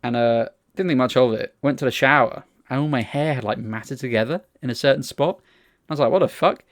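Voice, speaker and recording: A man's voice: mid-range voice, brisk. Sweary rambling podcast man. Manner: rambling, sweary storytelling with many restarts. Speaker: podcast co-host. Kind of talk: casual chat.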